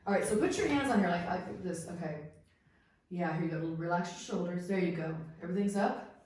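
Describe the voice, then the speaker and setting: A woman's voice: fairly low pitch, a little fast. A middle-aged woman hosting a paranormal session and patiently teaching others how to use a Ouija board, demonstrating as she explains. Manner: instructive, animated, demonstrates while talking. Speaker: host and Ouija instructor. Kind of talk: hands-on teaching during a paranormal investigation. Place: indoors in a room of an old house. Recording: very echoey room.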